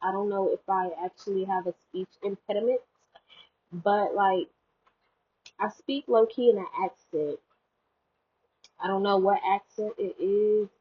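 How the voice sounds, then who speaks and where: A young woman chats slowly and loosely, her husky voice drifting through fillers and self-mocking jokes. The sound is thin and phone-like, as if coming through a cheap headphone mic. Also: steady tone. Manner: rambling, filler-heavy, jokey and self-mocking. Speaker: vlogger. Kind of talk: casual chat. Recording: tinny low-quality headphone mic.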